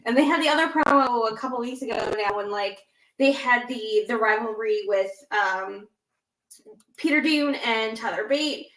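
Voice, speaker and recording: Bright-ish and fairly high, her voice moves at normal speed in a roomy-sounding recording. The woman, in her thirties, co-hosts a podcast with casual, filler-heavy rambling, lots of "like" and "um," and playful impressions of quoted lines.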